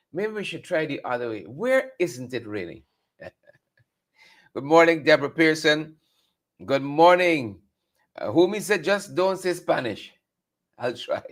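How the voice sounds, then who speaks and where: A man's voice: fairly high pitch, fairly bright tone. Chatty man hosting a morning show. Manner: chatty, repeats phrases, greets viewers by name. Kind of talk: live morning show chat reading viewer comments. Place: studio.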